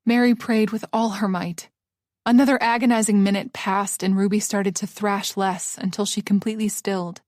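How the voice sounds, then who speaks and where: A woman narrating a novel aloud in a measured, even audiobook style. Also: mid-range voice, dry recording, studio quality.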